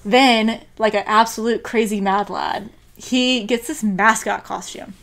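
Animated young woman recapping a story. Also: medium pitch, measured pace, vocal fry. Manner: animated storyteller, heavy use of "like", acts out quotes. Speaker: podcast co-host. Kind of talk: casual chat recapping an anime episode.

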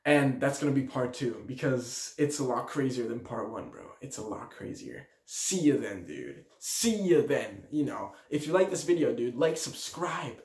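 A man's voice: medium pitch, normal speed, few pauses, reverberant. A young man casually telling a party story, full of slang and acted-out quotes. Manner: slangy, animated, acts out quotes. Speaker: storyteller vlogger.

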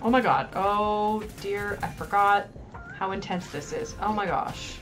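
Woman streamer reacting to a boss fight, lots of oh my gods, mid pitch, unhurried. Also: soft background music. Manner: excitable, frequent exclamations and mild swearing. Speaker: game streamer. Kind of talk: live gameplay commentary.

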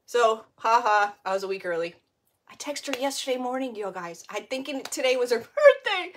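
A woman's voice: fairly high pitch, big pitch swings, moderate pace. A chatty woman in her fifties hosts a live crafting stream, breaking off mid-sentence to greet viewers by name. She laughs at herself often and keeps a loose, rambling, friendly flow. A faint hiss sits under her voice. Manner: self-deprecating, laughs often. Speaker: crafting livestream host. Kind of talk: casual live craft tutorial chat.

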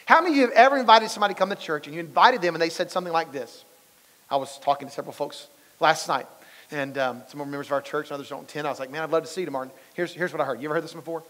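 A man's voice: on the high side, rapid-fire, a bit bright. A male pastor giving a conversational sermon, telling stories and asking the congregation questions. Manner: storytelling, asks the congregation questions. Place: church sanctuary. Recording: long reverb of a large church hall.

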